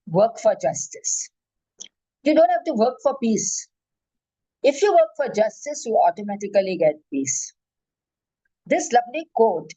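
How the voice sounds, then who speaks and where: An older woman, a former judge giving an emphatic, measured lecture as a guest speaker. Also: fairly high pitch, dark tone, no echo, rough recording. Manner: measured, emphatic, enumerating points.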